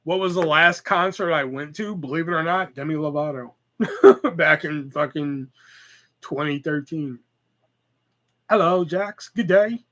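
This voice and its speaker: A man's voice: a little high, steady tone, measured pace, fairly bright tone, poor audio. A man in his thirties hosting a casual solo podcast, rambling and profane with lots of fillers and stutters. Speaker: podcast host.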